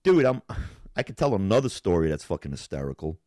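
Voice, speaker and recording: A young man with a low voice tells his story in a loose, rambling way and swears often. The sound is dry and close, with no echo. He talks like he is chatting with a friend during a live stream. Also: very animated, fast, darkish tone. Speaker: podcast co-host. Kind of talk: casual live-stream chat.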